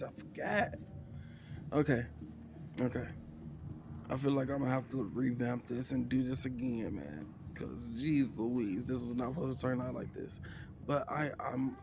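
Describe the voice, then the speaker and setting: A man's voice: medium pitch, background noise. A man, narrating a tabletop game as game master in a casual way, sighing and muttering to himself.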